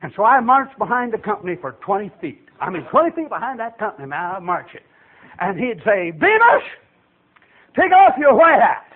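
A man preaching a folksy storytelling sermon, acting out voices and building to shouts. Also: high-pitched, lively intonation, fast talker. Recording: tinny phone-like radio broadcast.

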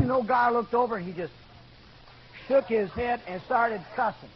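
A man preaching, telling his own conversion story as an animated testimony. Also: extremely high pitch, moderate pace. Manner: animated storyteller, bursts into loud shouts in quoted lines. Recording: dull lo-fi recording with faint noise.

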